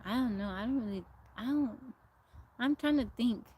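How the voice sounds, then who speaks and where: A woman's voice: a little high, moderate pace, darkish tone, husky. Chatty woman livestreaming outdoors. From Texas. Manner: chatty, laughs often, drawls slang. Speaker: livestream host. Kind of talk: casual chat. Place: outdoors in nature. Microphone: phone livestream.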